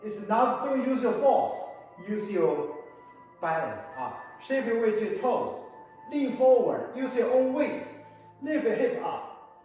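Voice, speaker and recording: A man with a high voice leads a qigong class over a video call, speaking slowly and counting out each rep. He sounds far from the mic in a very echoey hall with long reverb, with faint music behind him. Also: expressive, a little mellow. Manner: counts out reps and gives short commands, teasing students. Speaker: qigong instructor. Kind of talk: online exercise class instruction.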